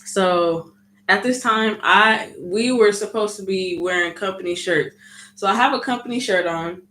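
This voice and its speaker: Woman vlogger, casual storytime, animated, bright tone, acts out quotes. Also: mid-range voice, a little slow. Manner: animated storytelling, frequent "you know what I mean".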